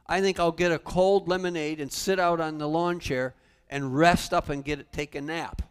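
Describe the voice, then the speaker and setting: A man's voice: fairly high pitch, steady tone, moderate pace, clear, resonant tone, voice pushed down, close to an everyday voice. A man doing a worn-out Creator craving a nap. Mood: weary. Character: tired male Creator wanting a nap.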